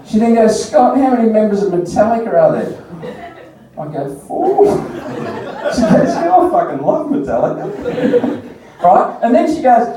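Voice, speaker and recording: Australian male comic, high and mellow, crude animated storytelling, distant mic in a very echoey bar. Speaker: stand-up comedian. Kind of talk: stand-up comedy set. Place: comedy bar stage.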